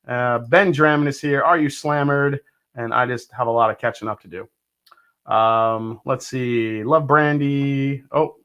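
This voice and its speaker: A man hosts a casual livestream, greeting viewers by name and thinking aloud as he tastes. His voice is a little high with a fairly bright tone.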